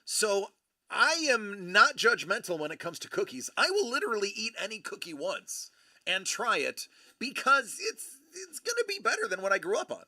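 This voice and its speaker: A man hosting a livestream, chatting in a rambling, animated way and often correcting himself mid-sentence. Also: high-pitched, normal speed. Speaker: livestream host. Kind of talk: casual live-stream chat.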